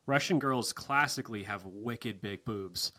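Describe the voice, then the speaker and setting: A man co-hosting a casual podcast, adding crude jokes in a slow, halting way. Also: fairly low pitch, crowd noise. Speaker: podcast co-host. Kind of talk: casual comedic chat.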